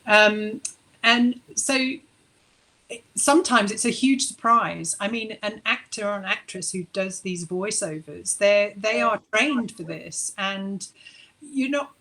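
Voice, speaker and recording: A woman's voice: medium pitch, slow pace, bright, forceful tone, low-quality recording. A woman author chatting on a panel over a video call, with frequent restarts and fillers. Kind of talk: casual panel discussion.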